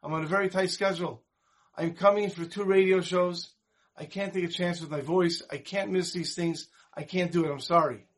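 A man's voice: high-pitched, fairly even intonation, normal speed. A man voicing a kind-hearted male comedian and singer who speaks earnestly, as he retells a story. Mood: apologetic.

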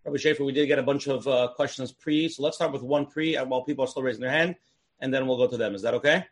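A man moderates a question-and-answer session over a video call at a quick clip. His pitch sits in the middle, and he talks casually with small fillers. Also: fairly even intonation, slightly rough.

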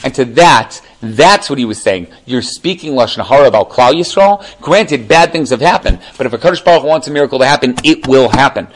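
A man giving a casual religious lesson to a group, telling stories in a chatty, animated way and often checking in with his listeners. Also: mid-range voice, brisk, few pauses, low-quality recording. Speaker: religious teacher.

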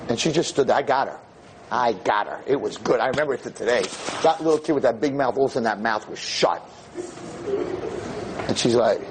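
A male rabbi giving a storytelling lecture, animated and acting out the voices in his tale. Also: medium pitch, a little fast, a little hiss or hum.

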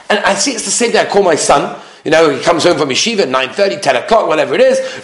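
A man, a rabbi, giving an animated lecture full of anecdotes, driving points home with emphatic repetition. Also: on the high side, fast, hardly any pauses. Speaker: rabbi giving a talk on marriage. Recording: roomy echo.

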